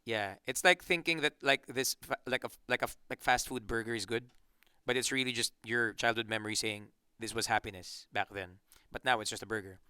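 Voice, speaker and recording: A man from the Philippines chats loosely in an interview, joking and rambling with restarts. His voice is bright and crisp. The sound is close and dry. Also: medium pitch, a little fast, no room sound. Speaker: band member. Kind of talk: casual interview chat.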